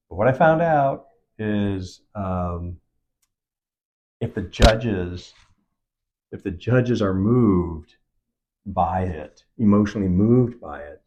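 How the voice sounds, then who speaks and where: A man's voice: fairly low pitch, mellow, highs cut off. A man, a film producer, talking in an on-set interview and acting out quoted dialogue as he tells his story. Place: event set.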